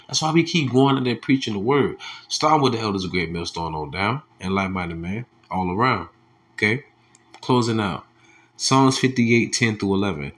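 A heated male preacher, who reads scripture in a low, slow voice and then breaks into angry, mocking street talk. He curses freely and scoffs as he preaches. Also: expressive, fairly bright tone. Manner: heated, profane, mocking, drops to low tones reading verses. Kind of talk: scripture commentary with angry asides.

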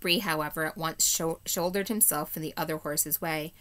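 A woman teacher reading a children's novel aloud to her class in an expressive storybook manner. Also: sits low, normal speed.

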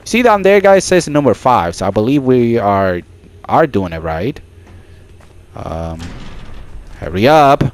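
A man giving casual let's-play commentary on a horror game, excitable and jokey, with frequent startled exclamations. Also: mid-range voice, measured pace, pauses often. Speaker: gaming channel host.

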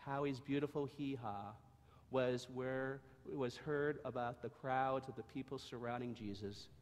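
A man reading a storybook aloud to children in church, expressive and gentle, then leading a prayer. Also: medium pitch, a little slow. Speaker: church leader giving children's message. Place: church sanctuary. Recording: long echo of a church sanctuary.

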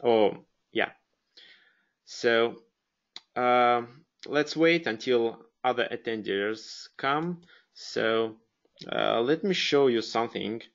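A man with a Russian accent presents a live webinar in an unhurried, halting way, often pausing on fillers and restarting his sentences. His voice sits at an ordinary pitch, and the computer-mic audio sounds dull and lo-fi. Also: a bit bright. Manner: hesitant, many fillers and restarts. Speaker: webinar host.

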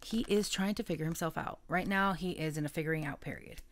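A woman's voice: deep voice, fast. A woman giving a casual, chatty tarot reading, rambling, self-correcting and often breaking into laughter. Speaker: tarot reader.

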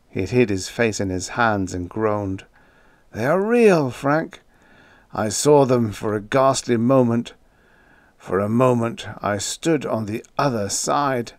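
A man doing a hysterical man haunted by unseen horrors, his voice climbing to shrill shrieks and sinking to hoarse moans. The audiobook reading sounds close and dry, with no room around it. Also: no echo, close to an everyday voice. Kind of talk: audiobook character voice.

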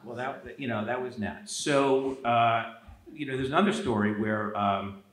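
A man, an author, in conversational talk at a public event, telling stories with lively quoted asides. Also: mid-range voice, unhurried, roomy sound, poor audio. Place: event hall.

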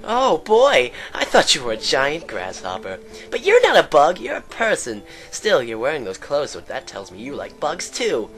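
A creepy little bug princess gushes in a high, breathless sing-song that leaps and swoops with every word, as a man puts her on. She is overexcited and strange, squealing over each tiny creature like a game character gone slightly off. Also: huge pitch swings, normal speed, faint music behind. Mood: gushing. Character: creepy bug-obsessed girl princess, gushing. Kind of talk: let's play commentary with a put-on voice.

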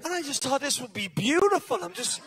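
A middle-aged Irish man doing a rambling, profane stand-up comedy set, acting out characters in quick asides. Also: very high-pitched, very animated, over a noisy crowd. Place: theatre stage before a live audience. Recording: live show recording with audience noise.

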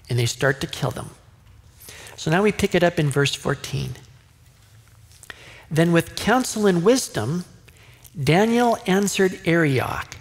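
A male pastor preaching a sermon in a conversational way, now and then acting out the voices of people in the story. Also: on the high side. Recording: long hall reverb.

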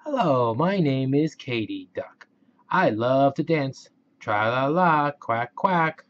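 A man's voice: mid-range voice, slow pace, dull audio. Man doing a singsong little girl duck. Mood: excited. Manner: singsong and excited. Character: cheerful little girl duck who loves dancing.

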